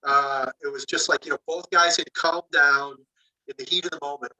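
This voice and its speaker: A man, an author, telling a lively anecdote in a casual, rambling way, acting out the dialogue with lots of fillers. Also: fairly high pitch, normal speed, recorded from a distance, highs cut off. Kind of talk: casual storytelling.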